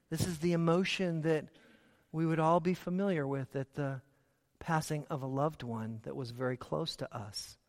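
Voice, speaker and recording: A man preaching a sermon, earnest and emphatic, dropping to quiet low asides. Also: in a large hall.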